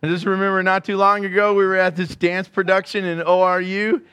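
A middle-aged man preaching in a church, his voice sitting high for a man. He tells stories with animated energy, acting out quotes and laughing along the way. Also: brisk, clear, resonant tone. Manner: animated storytelling, acts out quotes and laughs often. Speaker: pastor. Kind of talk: sermon.

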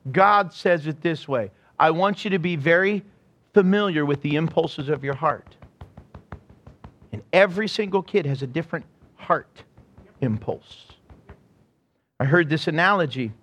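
High-voiced, animated preaching man. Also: unhurried, long pauses. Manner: animated storytelling, acts out quotes and laughs often. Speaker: pastor. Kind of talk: sermon. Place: church.

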